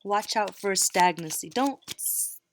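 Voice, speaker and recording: A woman's voice: mid-range voice, animated, measured pace, slight background noise. A middle-aged woman reading tarot cards, talking casually and encouragingly straight to her viewers. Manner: warm encouraging pep talk, direct address. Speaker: tarot reader.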